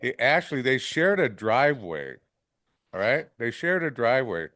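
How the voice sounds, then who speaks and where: Man, mid-pitched, casual rambling storyteller, from Wisconsin, dry close mic. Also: sing-song, moderate pace, fairly bright tone, dry recording. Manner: rambling, tags lines with "right?", acts out salty quotes. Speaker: fishing guide telling stories as podcast guest. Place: podcast studio.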